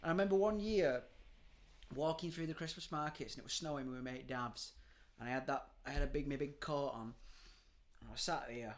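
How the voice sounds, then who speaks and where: A man, hosting a casual comedic chat, telling stories with swings between hushed and loud delivery and frequent swearing. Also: medium pitch, fairly quick. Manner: animated storytelling, swears freely, laughs often, drops to a hushed tone. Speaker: podcast host.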